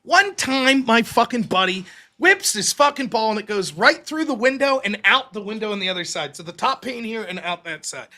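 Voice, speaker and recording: A man's voice: high-pitched, lively intonation, normal speed, bright, forceful tone. A man in a casual debate, talking profanely and telling stories with animation.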